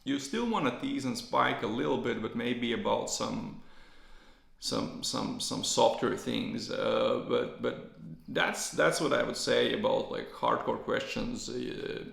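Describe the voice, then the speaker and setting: A man's voice: medium pitch, slow pace, vocal fry, fairly bright tone. A man hosting a podcast, talking casually in a rambling way with many restarts and repeated words. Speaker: podcast host. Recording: roomy echo.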